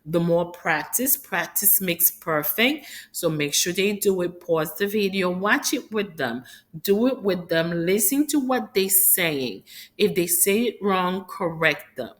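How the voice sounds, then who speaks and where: A woman's voice: lowish voice, expressive, unhurried. A woman teaching phonics to young children, sounding out letters one at a time and repeating each word. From Haiti.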